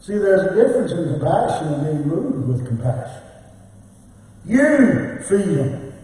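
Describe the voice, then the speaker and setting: Emphatic preacher in an echoey church. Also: male voice, high-pitched, sing-song, measured pace, dark tone. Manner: emphatic preaching with sung, chanted cadences. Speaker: pastor. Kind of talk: sermon. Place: church sanctuary. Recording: echoey church hall, mic at a distance.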